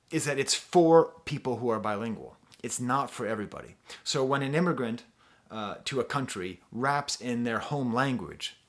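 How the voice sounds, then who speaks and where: An American man talking casually as an album reviewer, enthusiastic and full of asides as he explains lyrics. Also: medium pitch. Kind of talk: casual music review talk.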